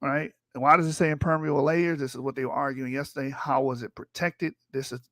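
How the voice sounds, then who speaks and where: Reading textbook passages on his livestream, a man argues back in a combative, foul-mouthed manner that keeps escalating. His medium-pitched voice is steady in tone, fast and a bit bright. The streaming mic produces a dry, studio-quality recording.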